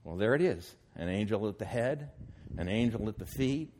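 A man's voice: fairly low pitch, expressive, moderate pace, darkish tone, a little hiss or hum. A man preaching a sermon, reading scripture aloud and then explaining it with growing emphasis.

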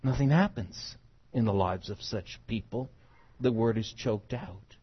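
Husky-voiced man preaching a sermon. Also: on the low side, a little slow, dull audio. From United States. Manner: emphatic, swings from soft to loud.

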